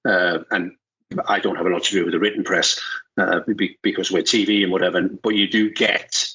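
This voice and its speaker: A middle-aged former footballer talking as a pundit in casual podcast chat, rambling with restarts and tag questions. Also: male voice, low-pitched, little pitch movement, brisk, sharp tone. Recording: muffled lo-fi audio.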